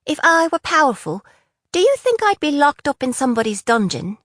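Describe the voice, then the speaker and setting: A blunt young woman held captive, snapping back with quick, indignant answers, as a woman narrator reads her. The voice sits a touch higher than the reader's own. The sound is dry and close. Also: big pitch swings, a bit bright, dry recording. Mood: defiant.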